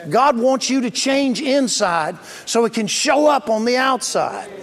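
Preaching to his congregation at a measured pace, a pastor uses a strikingly high, fairly bright voice with lively intonation. He's emphatic and plain-spoken, calling for responses and stressing key words, all echoing in the long reverb of a big church sanctuary.

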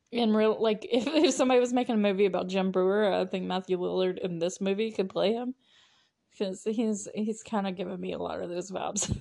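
A woman's voice: mid-range voice, darkish tone. A woman hosting a podcast, recapping a film in a chatty, casual way with lots of fillers and frequent laughter. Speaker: podcast host.

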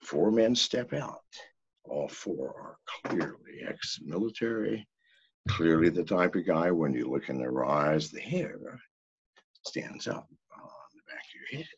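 An older man telling a story as a podcast guest, in a profane, animated way. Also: low voice, a little slow, husky, no echo. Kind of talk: casual storytelling. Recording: dull, lo-fi, dry sound.

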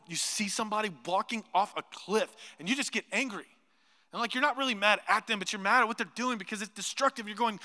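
High, bright-voiced male pastor preaching in a hall. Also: fast talker. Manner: animated preaching, voicing imagined speakers, drops to hushed asides. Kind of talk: sermon. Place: church sanctuary.

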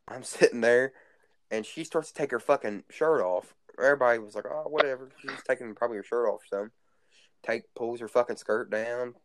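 A man's voice: medium pitch, dry recording, studio quality. A teenage boy telling rambling stories in casual chat, crude and swearing constantly. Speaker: guest storyteller.

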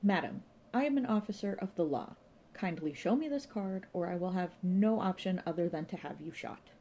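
A woman reading an audiobook voices a brisk, officious male police inspector who talks in a formal, clipped, commanding way. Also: fairly low pitch, lively intonation, warm tone.

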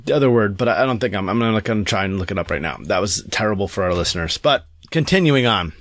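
A man's voice: on the low side, expressive, fast, fairly bright tone, no echo. A man co-hosting a podcast in casual chat, reading a listener's email aloud with jokey asides and many restarts. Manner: rambling, self-interrupting, jokey. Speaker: podcast co-host.

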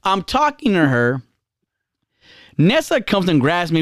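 Animated man telling a podcast story. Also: normal speed, no echo, clean studio sound. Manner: animated storytelling, acts out quotes with big pitch jumps. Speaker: podcast host. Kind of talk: casual podcast chat.

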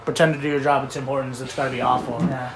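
A man casually telling a profane story among friends, laughing and acting out the other voices loudly. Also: mid-range voice, flat delivery, very fast, crowd noise. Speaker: podcast guest.

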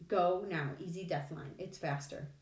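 A woman voicing a bold, clever young girl who gives firm, bright commands. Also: a little high, a little fast, pitched above the performer's own voice, natural voice. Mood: commanding. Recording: echoey room, distant mic.

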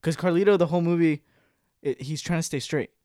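Animated man retelling movie scenes. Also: on the high side, dry recording, clean studio sound. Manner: animated, quick to act out quotes and laugh. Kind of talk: casual chat retelling film scenes.

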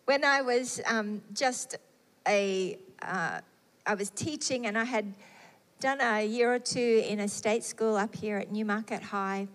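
A woman's voice: on the high side, unhurried, a bit bright. A middle-aged woman preaching a sermon, telling personal stories with earnest, acted-out inner dialogue.

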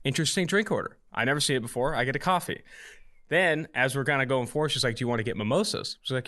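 Young guy podcast host, talks fast, bright punchy voice, keeps acting out who said what. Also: mid-range voice. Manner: fast, animated storytelling with quoted dialogue. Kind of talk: casual storytelling.

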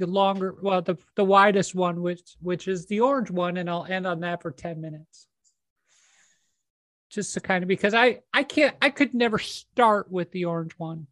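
A woman's voice: medium pitch, no room sound. A woman hosting a podcast, talking in a loose, encouraging way and full of "you know" fillers. The sound is dry and close, with no room around her voice. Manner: warm, encouraging, conversational with many fillers. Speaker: podcast host. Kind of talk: casual chat.

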